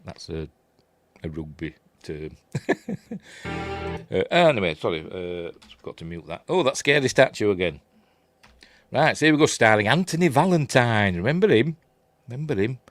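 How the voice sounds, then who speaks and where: Chatty Yorkshire man, lively and rambling. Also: on the low side, a little slow, long pauses, no room sound, faint music behind. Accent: Yorkshire English. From Yorkshire, England. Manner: chatty, rambling, laughs at his own jokes; reads out viewer chat messages. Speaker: host of a livestream review show. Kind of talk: casual live commentary.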